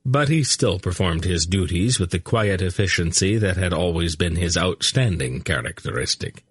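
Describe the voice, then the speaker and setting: A man reading fantasy fiction aloud as an audiobook narrator, measured and deliberate. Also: deep voice, animated, breathy edge, no echo, studio quality. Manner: slow, measured reading with character voices. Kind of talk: scripted narration.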